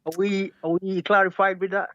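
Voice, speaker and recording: Caller, man with a raised voice, halting and cautious, muffled dry call audio. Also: high voice, no room sound. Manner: hesitant, halting, asks for calm. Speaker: caller in a debate. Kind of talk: live debate call. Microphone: online call.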